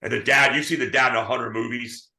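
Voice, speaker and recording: A man's voice: medium pitch, quick pace, reverberant. A man co-hosting a casual movie chat, telling stories animatedly and acting out quotes. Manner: animated storytelling, acts out quotes. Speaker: podcast co-host.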